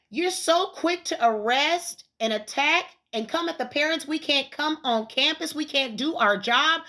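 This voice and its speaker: A woman in her thirties, a parent, giving an impassioned, emphatic rant to camera, rising to near shouting. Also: sits high.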